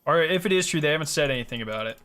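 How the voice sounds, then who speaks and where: A man's voice: a little high, expressive, very fast, pushed and bright, clear, resonant tone, soft background music. A young man streaming a game, chatting casually with his viewers, joking and swearing as he laughs often. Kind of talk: casual live-stream chat.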